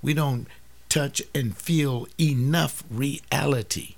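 Brief: older male preacher, gravelly, impassioned, drops from loud appeals to near-whispers. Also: mid-range voice, fairly even intonation, takes it slowly. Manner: acts out family dialogues, swings from loud to hushed. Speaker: teacher giving a sermon-like talk.

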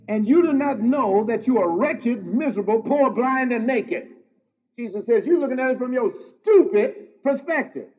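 A man preaching a sermon as pastor, swinging from loud emphatic exclamations to low, intimate asides. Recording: dull lo-fi sound.

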